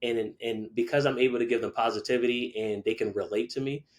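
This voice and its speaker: A man's voice: mid-range voice, quick pace. A man in his forties from Connecticut, a middle school teacher telling his story as a podcast guest, acting out the people he quotes. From Connecticut, USA. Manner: animated storyteller who acts out quoted people. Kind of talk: casual storytelling interview.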